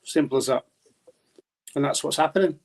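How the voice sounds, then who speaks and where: A man's voice: a little high, normal speed. A man talking as a podcast guest about his darts journalism in a casual, rambling way with many restarts.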